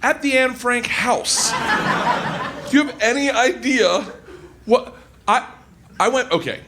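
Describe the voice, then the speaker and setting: A man doing a stand-up comedy set on stage, loud and excitable, swearing freely and laughing through his lines. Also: very high-pitched, slow pace, very noisy. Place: comedy stage before an audience.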